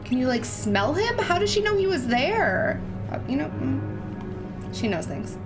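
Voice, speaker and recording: A woman hosting a game reaction video, animated and giggly, talking back to the screen. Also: high voice, measured pace. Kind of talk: reaction commentary. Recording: game music under the voice. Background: video game music and dialogue.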